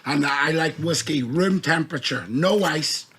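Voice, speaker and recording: A hoarse man with a Northern Irish accent, hosting a podcast and bantering casually with fillers. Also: fairly high pitch, fairly bright tone. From Northern Ireland. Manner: laid-back banter, drawn-out fillers. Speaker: podcast host. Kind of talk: casual chat.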